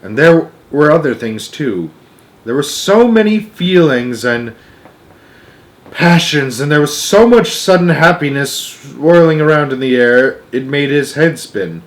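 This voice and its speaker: A man reading a children's book aloud in a gentle, expressive way. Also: on the high side, measured pace. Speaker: storyteller.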